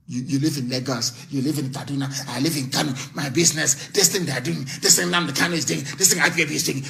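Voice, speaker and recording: A man's voice: a little high, fast talker, vocal fry, hardly any pauses, a bit bright. A man with a Nigerian accent giving a live broadcast address as a movement leader, fiery and defiant, issuing stern warnings with mocking rhetorical asides.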